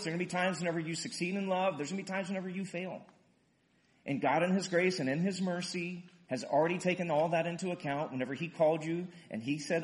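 A man preaching a sermon in a conversational way, with fillers and restarts, building to loud emphatic runs and dropping soft at the ends of lines. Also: a little high. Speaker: pastor.

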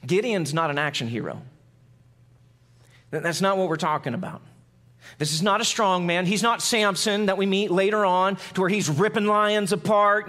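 A man preaching a sermon in a conversational way, acting out quotes and dropping low and quiet for emphasis. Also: normal speed. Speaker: pastor.

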